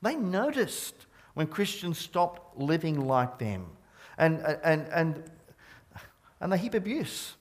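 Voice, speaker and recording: A middle-aged pastor from Scotland, with an Australian accent that keeps a trace of Scottish, preaching a sermon earnestly and emphatically, often stumbling and restarting words. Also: male voice, on the high side, very animated, slow pace.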